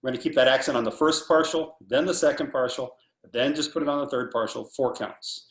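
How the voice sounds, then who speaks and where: A man in his sixties giving a casual drum lesson over a video call, animated and counting off patterns as he explains them. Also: mid-range voice, fairly quick, roomy sound. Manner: animated, talks through patterns while counting off. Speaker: drum instructor.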